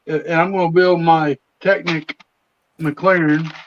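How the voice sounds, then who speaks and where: A man's voice: a little high, fairly even intonation, takes it slowly, slight background noise. A man co-hosting a casual livestream, reassuring his friend and laughing often. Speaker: co-host. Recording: dull lo-fi sound.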